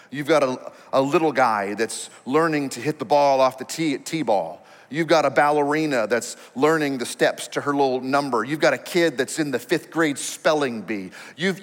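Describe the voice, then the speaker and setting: A man's voice: mid-range voice, a bit bright. A male pastor preaching a sermon in a conversational, emphatic way. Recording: reverberant hall.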